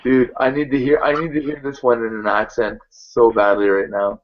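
A man's voice: medium pitch, flat delivery, normal speed. A man hosting a casual live video hangout, joking and laughing often as he rambles. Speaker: host of a motovlogger live hangout. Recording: dull lo-fi sound with faint noise.

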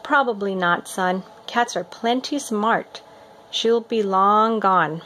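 A woman voicing a male firefighter who speaks slowly and reassuringly to a boy. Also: medium pitch, a bit bright, slight background noise.

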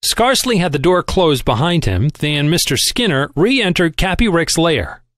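Expressive male audiobook narrator. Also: fairly high pitch, normal speed, dry recording, studio quality. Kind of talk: scripted narration.

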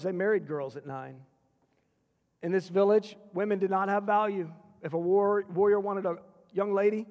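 A middle-aged man giving an emotional sermon testimony as a school chapel speaker, his voice falling to a hush at the hardest parts. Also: high voice. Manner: emotional storytelling, dropping to a hushed voice. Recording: long hall reverb.

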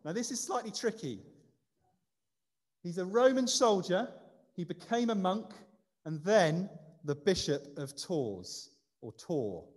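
A man's voice: high-pitched, animated, a little slow, pauses often. A man leading a light-hearted quiz in a church service, chatty and self-deprecating. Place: church building. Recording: long reverb of a church hall.

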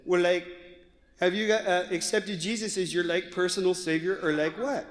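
A woman's voice: on the low side, fairly even intonation, normal speed, in a large hall, pitched below the performer's own voice, natural voice. A man doing a breezy valley girl teen. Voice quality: valley girl slang drawl. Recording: live comedy album with crowd and hiss.

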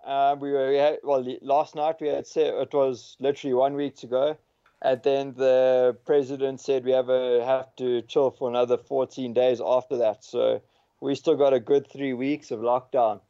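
A man's voice: mid-range voice, level tone, normal speed, dark tone. Young man, South African accent, laid-back, dull call audio. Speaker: guest. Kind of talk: casual chat.

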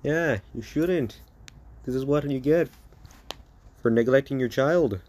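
Spiteful, sarcastic teen boy hero, slow and mellow-toned, a man's put-on voice. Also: mid-range voice, pitched above the performer's own voice, natural voice. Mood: hostile. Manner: sulky, profane, sarcastic. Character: bitter, rude teenage boy hero.

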